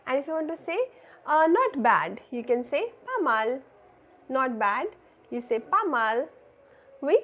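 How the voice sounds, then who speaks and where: A woman's voice: high-pitched, big pitch swings, measured pace, pauses often, fairly bright tone. A woman teaching a live beginner French class, patiently repeating phrases for learners to echo and checking in with "right?" and "oui?". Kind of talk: live online language class.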